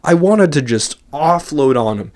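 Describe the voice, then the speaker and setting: A man's voice: on the high side, lively intonation, unhurried. A man ranting casually in his own vlog, rambling and self-mocking with a sarcastic edge, into a large studio microphone. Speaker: vlogger.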